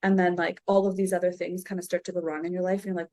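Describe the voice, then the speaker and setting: A woman's voice: on the low side, flat delivery, fast talker, darkish tone, no room sound. A woman from Canada, a podcast guest, talking in an earnest, emphatic way in casual chat.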